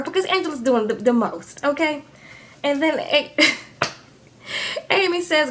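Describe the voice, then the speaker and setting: A woman's voice: sits high, moderate pace, slight background noise. Gossipy woman recapping TV. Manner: gossipy, animated, addresses viewers with "okay?". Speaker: YouTube reality TV reviewer. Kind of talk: casual recap vlog.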